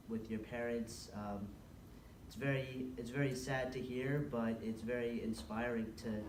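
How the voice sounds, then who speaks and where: Hesitant man, far off in an echoey room. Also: mid-range voice. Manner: hesitant, earnest. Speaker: class participant. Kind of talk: spoken thanks in a class. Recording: echoey room, distant mic, audible noise.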